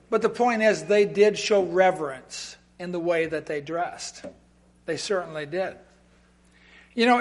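A man preaching a sermon in a church, animated and emphatic, with humorous asides to the congregation that rise into loud outbursts. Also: high-pitched. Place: church sanctuary.

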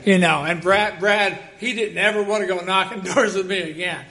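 A man preaching a sermon as pastor, telling personal stories in a lively way and bursting into loud acted quotes. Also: sits high, normal speed.

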